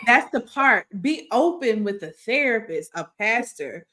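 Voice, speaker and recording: A woman's voice: fairly high pitch, expressive, pushed and bright. Joking woman podcast co-host. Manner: joking, quick bursts of commentary. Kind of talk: casual chat.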